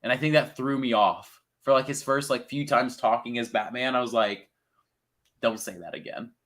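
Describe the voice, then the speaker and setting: Excitable young man rambling about movies. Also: medium pitch, normal speed. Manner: rambling, excitable, swears casually. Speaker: podcast co-host. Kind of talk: casual movie review chat.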